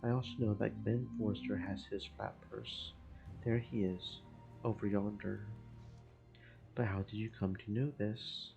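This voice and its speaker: A man voicing a gruff, plain-spoken old sailor who cannot abide dishonesty. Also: on the low side, fairly even intonation, unhurried, a little mellow, faint music behind, rough recording. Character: old seafaring man, blunt and honest.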